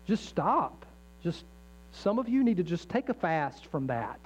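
The recording is dull and lo-fi, with faint mains hum, as a middle-aged pastor gives an earnest, conversational sermon laced with jokes and acted-out inner voices. His high voice is sing-song, a little slow and slightly rough.

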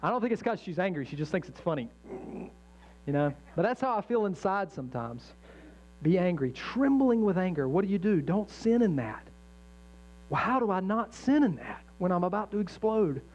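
A man's voice: high-pitched, very animated, normal speed, darkish tone. Conversational male pastor preaching a sermon. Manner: conversational, self-correcting, emphatic preaching. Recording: dull lo-fi sound with faint mains hum.

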